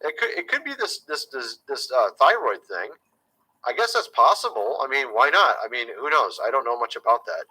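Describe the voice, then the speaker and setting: Bright-voiced animated male YouTuber. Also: medium pitch, normal speed, slightly rough, rough recording. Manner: chatty, conspiratorial, often says "folks" and "okay". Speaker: YouTube commentator. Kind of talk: casual commentary to viewers.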